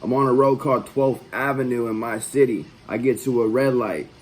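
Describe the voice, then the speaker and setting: A man's voice: mid-range voice, fairly quick, darkish tone, low-quality recording. A man hosting his own channel, telling a personal story in a loose, profane, conversational way. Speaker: vlog host. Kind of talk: casual storytelling.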